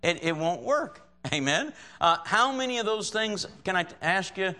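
A man preaching in a relaxed, conversational way, his voice a touch high and bright with a forceful edge. He reads scripture aloud and keeps checking in with his listeners. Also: moderate pace. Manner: conversational, checks in with frequent "right?"; chuckles often while preaching. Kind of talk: sermon with scripture reading.

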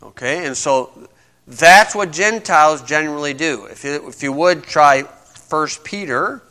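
High, bright-voiced male preacher. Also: animated, unhurried. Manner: conversational preaching, asks the congregation questions. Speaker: pastor. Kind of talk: sermon.

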